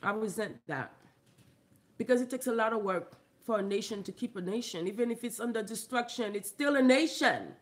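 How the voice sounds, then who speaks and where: A woman's voice: fairly high pitch, a little fast. Woman on a profane phone rant. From Haiti. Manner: blunt, animated, swings between loud and muttering. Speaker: vlogger.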